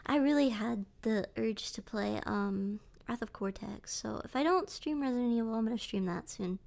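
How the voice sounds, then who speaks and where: A woman's voice: fairly high pitch, moderate pace, creaky, darkish tone. A woman streamer chatting casually while playing a game, laughing often and sometimes dropping into a whisper. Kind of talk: casual gameplay chat. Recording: faint game music behind. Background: faint game music.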